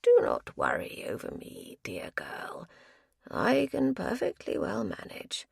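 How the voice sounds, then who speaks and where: A woman voicing a frail elderly invalid husband who speaks weakly, slowly and breathily. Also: medium pitch, wildly swooping pitch, a little mellow, dry recording, in a whisper, studio quality, voice pushed up, heavily acted. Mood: frail, fond. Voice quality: weak and breathy, slow.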